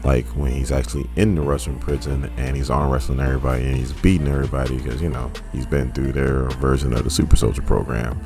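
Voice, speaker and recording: Very deep-voiced man reviewing a movie. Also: fast, gravelly, hardly any pauses, music in the background. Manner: joking, animated storytelling. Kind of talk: casual video commentary.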